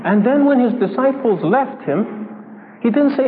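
High-voiced preacher in a tinny hall. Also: male voice, lively intonation, a little hiss or hum. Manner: deliberate, repeats phrases, voices mock quotes. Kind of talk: sermon. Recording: tinny phone-like sound in a reverberant hall.

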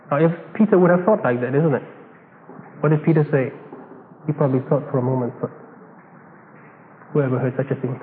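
A male preacher giving a sermon, animated and full of rhetorical questions and acted-out dialogue. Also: medium pitch, moderate pace, long pauses. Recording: tinny echoey hall recording, faint hiss.

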